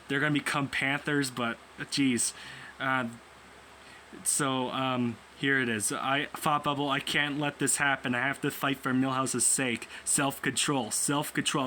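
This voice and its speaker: A young man with a mid-range, sharp-toned voice casually reads a comic aloud, giving every character his own voice and stumbling over words along the way. Faint background noise sits behind him.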